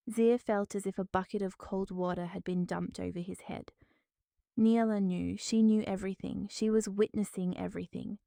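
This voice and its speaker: A woman tells a scripted family drama with steady, dramatic delivery. Her voice is mellow and smooth, and the recording is close and dry. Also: medium pitch, normal speed, dry recording. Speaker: narrator. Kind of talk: scripted story narration.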